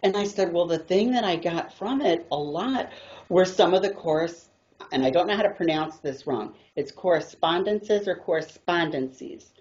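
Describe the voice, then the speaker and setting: A woman's voice: fairly low pitch, lively intonation, moderate pace, a little mellow. A woman guest talking about tarot, earnest and a little rambling as she tells her stories. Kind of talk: casual chat about tarot. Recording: dull lo-fi audio.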